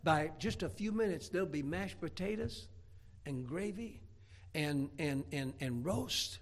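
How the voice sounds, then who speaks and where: Folksy high-voiced preacher. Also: male voice, normal speed. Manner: folksy, humorous storytelling with rising emphatic bursts; stammers repeated words. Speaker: pastor. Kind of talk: sermon.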